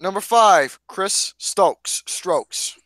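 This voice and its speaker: Deadpan high-voiced male podcast host. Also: extremely slow, no room sound. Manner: deadpan, reads lists with a straight face. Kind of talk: casual podcast chat reading out lists.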